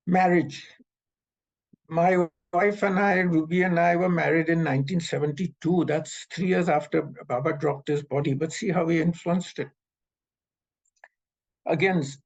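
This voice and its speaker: A man in his seventies, from Pakistan, telling memories as an animated storyteller who acts out the dialogue. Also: a little high, poor audio. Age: 70s. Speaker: interviewee recounting memories. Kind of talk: storytelling reminiscence. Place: North America.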